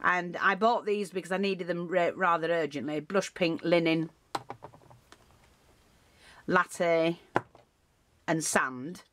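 A woman's voice: on the low side, fairly even intonation, slow pace, pauses often, a bit bright, slight background noise. A woman giving a casual, rambling craft tutorial, full of asides and restarts.

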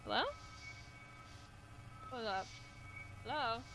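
Her voice sits on the high side, slow and creaky, as this young woman streams a horror game over its music. She swears a lot, startles easily, and keeps addressing her chat.

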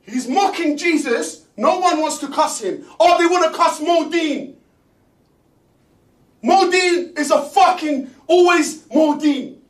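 A man ranting loudly and profanely, shouting and swearing. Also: very high voice, lively intonation, slow, recorded from a distance. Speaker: streamer guest in mock therapy. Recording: roomy, off-mic, faint noise.

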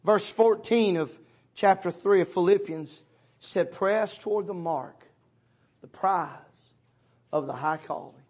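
A pastor preaching a sermon in church, speaking directly to members of his congregation, his delivery swinging from loud urging to hushed tones. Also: sits high, slow, long pauses, breathy edge. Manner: addresses listeners by name as brother and sister.

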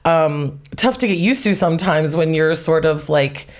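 Middle-aged woman, podcast guest, animated storyteller, lower-pitched casual voice. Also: moderate pace. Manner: animated storyteller, acts out quoted voices with big pitch jumps. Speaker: guest, former nanny.

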